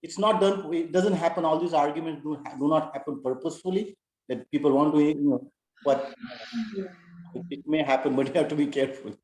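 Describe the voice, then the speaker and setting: A middle-aged man, sharing a personal story in a halting, earnest way with many fillers. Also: a little high, fairly even intonation, darkish tone, echoey room, a little hiss or hum, poor audio. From India. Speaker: class participant.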